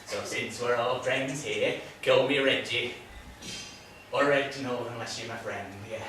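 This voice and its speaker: A man's voice: medium pitch, steady tone, a little slow, fairly bright tone, far from the mic, close to an everyday voice. An actor playing a cheery, muddled, forgetful man who rambles and repeats himself. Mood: befuddled. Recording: echoey room from afar, noisy.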